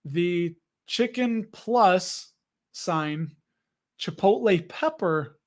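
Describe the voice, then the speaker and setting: A man's voice: high-pitched, expressive, drawn-out words. A man hosting a casual livestream, chatting with viewers in a jokey, rambling way. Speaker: host.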